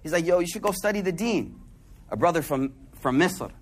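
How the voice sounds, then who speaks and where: Male preacher, high voice, conversational storytelling sermon, animated with quiet asides. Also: brisk.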